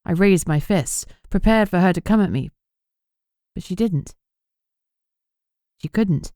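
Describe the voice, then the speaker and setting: A woman reading an audiobook in measured, even scripted narration on a close mic. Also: fairly low pitch, dry recording.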